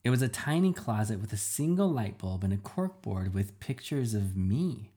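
A man narrating a first-person storybook in a steady, quiet way. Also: fairly low pitch, normal speed.

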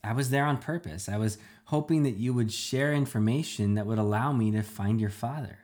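A man's voice: medium pitch, a little fast, darkish tone, natural voice. A man reading a storybook aloud, voicing a secretive young girl genius who argues insistently. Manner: pressing, argumentative.

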